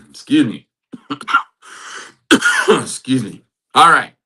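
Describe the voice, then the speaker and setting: A man hosting a faith-based talk, urging love and repeating affirmations in a soft, earnest way. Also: medium pitch, slightly rough. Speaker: host and matchmaker.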